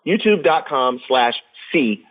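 Animated, laughing male podcast guest. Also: medium pitch, a little slow, dull audio. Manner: animated storyteller, laughs often. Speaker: podcast guest, professional drummer. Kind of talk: casual interview chat.

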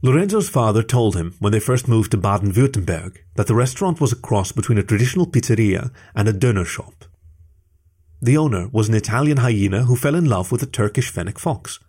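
Husky low-voiced male storyteller. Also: darkish tone. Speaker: story narrator. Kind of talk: scripted narration.

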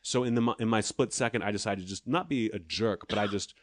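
Fast-talking sardonic comedian, low and dry. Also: male voice, dry recording. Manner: fast, sardonic storytelling with voiced impressions. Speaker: stand-up comedian guest. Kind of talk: casual chat.

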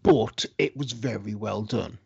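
A man's voice: fairly low pitch, measured pace, creaky, a little mellow, breathy edge. A man on a podcast panel, sharing film anecdotes in a knowledgeable, casual way. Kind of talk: casual chat. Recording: dull lo-fi sound.

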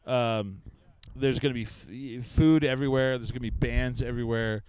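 A man interviewing casually at an outdoor festival campground, telling stories in a rambling, quick way full of fillers. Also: medium pitch, darkish tone, slight background noise, low-quality recording.

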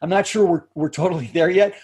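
A middle-aged man, a communications coach, explaining his points in a measured way during a podcast interview, often restarting his phrases. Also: high-pitched, steady tone, a little mellow, slightly rough. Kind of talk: conversational interview answers.

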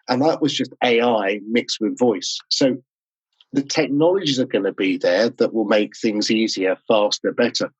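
Guy on a video call, husky lowish voice, dry dull sound, keen to explain. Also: dry recording. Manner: enthusiastic, explanatory, quick asides. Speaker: podcast host and interview guest. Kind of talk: casual interview talk.

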